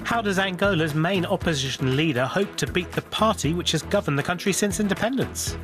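Man presenting radio news over music. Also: high voice. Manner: brisk, bright presenter delivery. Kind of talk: scripted news programme presenting.

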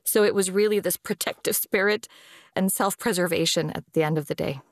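A woman speaking as a space law official in an interview, explaining in a deliberate way with pauses between phrases. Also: mid-range voice. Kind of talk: measured explanatory interview talk. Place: based in Vienna.

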